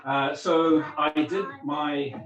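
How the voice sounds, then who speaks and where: Speaking slowly with little pitch movement in a voice on the high side, a New Zealander in his forties with a hint of an English accent gives a guest talk as a physics lecturer. His chatty, self-deprecating address to a community gathering in a meeting house was captured lo-fi by a distant mic in a roomy hall, with music in the background.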